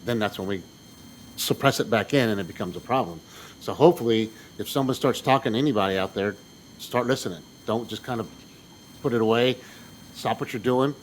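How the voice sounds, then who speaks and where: A man's voice: fairly low pitch, a little hiss or hum, low-quality recording. A man co-hosting a podcast in casual conversation, encouraging and supportive toward his guest. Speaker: podcast co-host.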